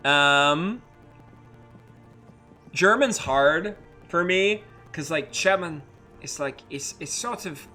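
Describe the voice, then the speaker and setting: Young male host, bright, lively voice, rambling casual stream chat, higher register, faint music behind. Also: takes it slowly. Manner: rambling, animated, many fillers. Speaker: host and voice actor.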